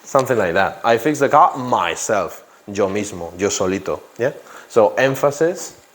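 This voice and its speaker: A man's voice: medium pitch, slight background noise. A man teaching an English grammar class in a classroom, repeating example sentences and asking students questions.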